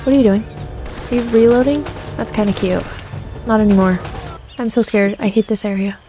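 A woman streamer giving casual commentary on her game, excitable and jumpy, often joking at herself. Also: mid-range voice, brisk, over music. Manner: excitable, jumpy and self-mocking while playing. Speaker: gaming streamer. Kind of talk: casual let's play commentary.

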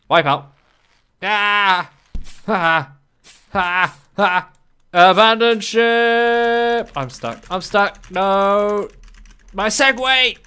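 Dude doing goofy let's-play commentary, bright voice, drawls his words out slow. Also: high voice, clear, resonant tone. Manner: playful, exclamatory, talks to the game. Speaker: gaming channel host. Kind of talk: casual gameplay commentary.

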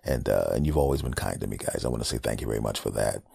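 Male podcast host, very low voice, dry close sound, brash profane comic riffing. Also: rapid-fire, creaky, darkish tone, husky, dry recording. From United States. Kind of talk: casual comedic monologue.

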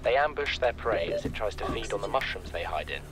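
An actor playing a young male scientist keeping an audio diary in a game, calm and reflective. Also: fairly low pitch, brisk. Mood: curious. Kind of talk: recorded in-game voice log. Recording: game audio with music underneath.

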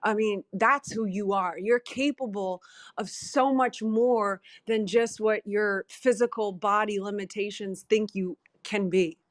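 A woman guest talking candidly and emphatically about fear, in a self-deprecating, animated way, on an online group call. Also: mid-range voice, measured pace, no room sound, clean studio sound. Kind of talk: candid motivational talk.

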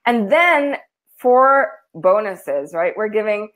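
A chatty woman hosting a livestream, rambling through her stories with frequent laughter. Her voice sits at an ordinary middle pitch. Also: expressive, slow pace, rough recording. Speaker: host. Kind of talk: casual chat on a livestream.

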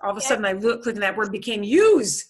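A woman's voice: medium pitch, lively intonation, quick pace, husky. A middle-aged woman teaching an online Spanish class in a chatty, explanatory way, with many fillers.

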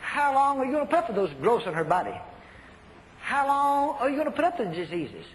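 A man voicing God as a stern, commanding figure who presses hard with loud, insistent questions, in an echoey hall recording. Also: very high voice, sing-song, brisk, slight background noise, pitched above the performer's own voice.

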